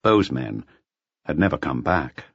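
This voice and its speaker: A man reading a crime novel aloud in a measured, expressive storytelling manner. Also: extremely low pitch, vocal fry, husky, no echo. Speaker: audiobook narrator. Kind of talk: scripted narration. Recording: dull lo-fi audio, dry.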